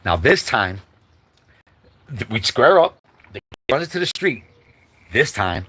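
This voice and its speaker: A man hosting a livestream, telling a childhood story in a casual, animated way and acting out the quotes, with many asides to the listeners. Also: mid-range voice, a little slow, long pauses, a little hiss or hum. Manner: animated storyteller, acts out quotes, many "you know what I'm saying" asides. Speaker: host. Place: livestream setup.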